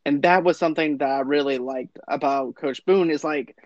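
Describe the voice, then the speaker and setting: A man's voice: on the high side, moderate pace, no room sound. A man casually discussing a movie in conversation, leaning on fillers like "actually" and "and everything". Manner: conversational, repeats "and everything", "actually", "though, too". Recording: dull lo-fi recording.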